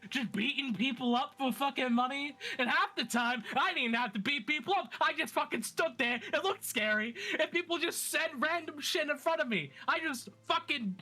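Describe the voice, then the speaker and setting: A man's voice: very high voice, moderate pace, few pauses, pushed and bright, faint music behind, pitched above the performer's own voice. A man voicing his character, a brash, hot-tempered street brawler who rants in long, profane, rambling bursts. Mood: ranting.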